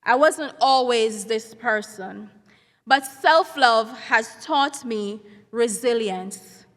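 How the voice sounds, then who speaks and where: A woman's voice: high-pitched, a bit bright. Earnest woman counselor speaking in a hall. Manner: earnest, measured, heartfelt. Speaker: school counselor. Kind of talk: symposium speech. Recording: reverberant hall sound.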